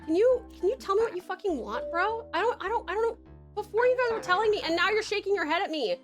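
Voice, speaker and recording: Very high-voiced Australian woman streamer. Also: expressive, fast, faint music behind. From Tasmania, Australia. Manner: frantic, swears a lot, laughs often. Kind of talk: casual gameplay commentary.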